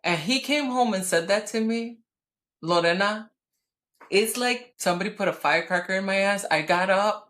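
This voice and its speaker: In casual conversation on her podcast, a woman in her thirties shares a personal story as co-host. Her medium-pitched voice runs at a normal pace, and she's profane and blunt, with lively outbursts.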